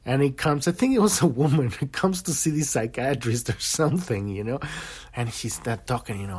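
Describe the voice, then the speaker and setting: A man's voice: mid-range voice, fairly quick, husky. A man hosting a spiritual podcast, talking in a loose monologue full of restarts and acted-out quoted voices. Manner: animated, many restarts, acts out quoted voices. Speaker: podcast host.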